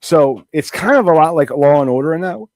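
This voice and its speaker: A man's voice: a little high, expressive, fast talker, a little mellow, no echo. A man co-hosting a podcast, chatting casually with wry asides and offhand swearing. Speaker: podcast co-host. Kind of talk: casual chat.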